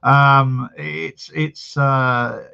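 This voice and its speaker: A man's voice: medium pitch, steady tone, very slow, creaky, bright, forceful tone, clean tone, highs cut off. A man speaking as a guest in a remote political chat, earnest and indignant, with many restarts. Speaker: guest commentator.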